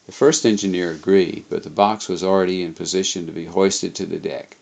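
Deep man w a gravelly voice reading a memoir out loud, fixes his slips as he goes. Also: steady tone, dull audio. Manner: unhurried, occasional slips and self-corrections.

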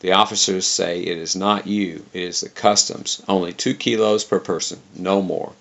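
A man voicing an excitable Turkish night watchman who insists loudly in clipped, broken phrases, on a dull lo-fi recording. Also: low-pitched, normal speed, vocal fry. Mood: insistent.

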